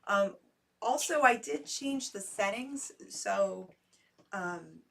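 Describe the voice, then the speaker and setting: A woman's voice: medium pitch, lively intonation, takes it slowly, vocal fry, distant mic. A woman co-hosting a casual live-stream chat, greeting viewers and laughing easily. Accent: Ohio. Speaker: co-host.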